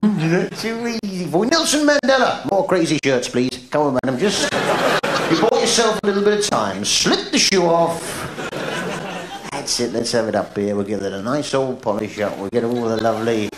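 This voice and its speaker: Surreal English stand-up comic in a roomy theatre. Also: male voice, big pitch swings, moderate pace, a crowd in the background. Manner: surreal, absurd non sequiturs punctuated by a quizzical "hmm?"; bouncy, sing-song delivery with sudden high-pitched shouts. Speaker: stand-up comedian. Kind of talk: live stand-up comedy. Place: large theatre stage. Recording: roomy theatre sound from an old video tape, with noise. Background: audience laughter.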